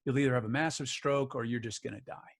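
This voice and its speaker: A man's voice: medium pitch, fairly even intonation, fast. A middle-aged man telling a personal story in an interview, acting out the other people's lines as he goes. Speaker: guest, author and voice actor.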